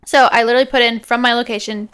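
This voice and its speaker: A woman's voice: fairly high pitch, steady tone, very fast, fairly bright tone, smooth. A woman in her twenties co-hosting a podcast in casual chat, often chiming in with short agreements. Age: 20s. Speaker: podcast co-host.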